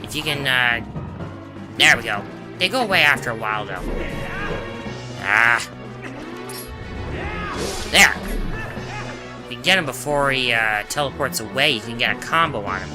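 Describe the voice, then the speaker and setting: A man talks through a game walkthrough in a loose, chatty way, pausing to search for words and dropping wry little asides. His voice sits at an everyday middle pitch. Game music plays clearly behind him. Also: expressive. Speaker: gameplay commentator. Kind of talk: casual game walkthrough commentary.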